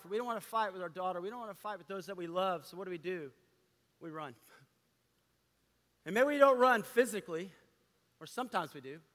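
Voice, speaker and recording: A man delivers an impassioned sermon in a high, bright voice. His preaching swings from near-whispers to ringing declarations. A long reverb trails each phrase, as in a large hall. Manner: impassioned preaching, swinging between loud and hushed. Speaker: pastor.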